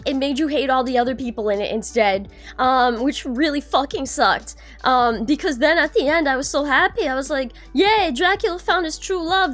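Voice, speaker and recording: A woman's voice: high voice, fairly bright tone. A young adult woman streaming, chatting casually and greeting her viewers by name, bubbly and swearing now and then.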